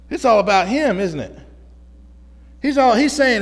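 A man preaches with a high, bright-sitting voice, talking to his congregation in a casual, energetic way and often restarting his sentences. His voice rings out with a long reverb, as in a large church hall. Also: moderate pace, pauses often. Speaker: pastor. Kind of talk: sermon.

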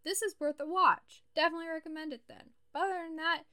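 A woman's voice: extremely high pitch, steady tone, quick pace, bright, forceful tone. A young adult woman co-hosting a podcast in casual chat, blunt, sarcastic and emphatic. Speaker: podcast co-host.

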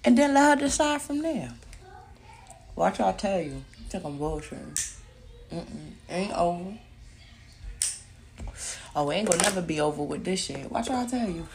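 A woman hosting a podcast, talking in a casual, profane monologue that swings between loud emphatic outbursts and muttered asides. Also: lowish voice, big pitch swings, moderate pace, pauses often, slight background noise. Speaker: podcast host.

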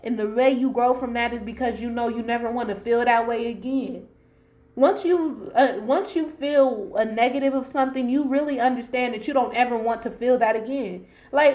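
A woman's voice: a little high, echoey room, dull audio. Emphatic slangy woman podcaster. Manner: emphatic, repetitive, slangy and profane. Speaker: podcast host. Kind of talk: casual motivational monologue.

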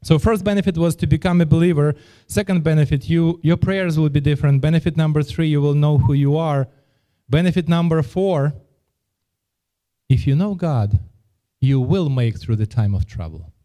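A man preaches a sermon in a warm, mellow voice that sits a little high for a man. He speaks earnestly and often stumbles over and repeats his words as he restarts a phrase. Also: normal speed. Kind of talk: sermon with a personal story.

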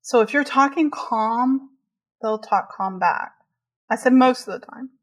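A woman's voice: on the high side, measured pace. A woman in casual conversation, chatty and laughing often, with many fillers as she talks. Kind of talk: casual chat.

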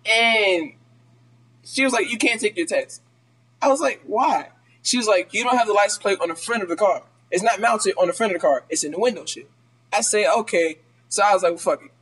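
Young man, very high voice, bright tone, casual podcast storytelling, swears freely, acts out quotes. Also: a little fast, breathy edge. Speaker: podcast co-host.

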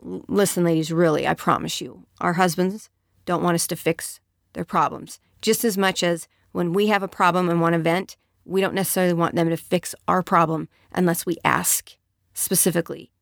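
A woman's voice: fairly low pitch, steady tone, moderate pace, gravelly, dry recording. Earnest woman giving advice, dry sound. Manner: earnest, conversational, emphatic. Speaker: relationship advice speaker. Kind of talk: advice talk to women.

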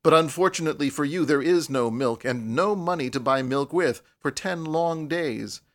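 A man doing a proud young artist with a self-important, lecturing way of talking, his words pitched a little higher than the narration around them, the way he sounds on a storybook recording. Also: moderate pace, natural voice. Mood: stern. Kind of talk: audiobook character reading.

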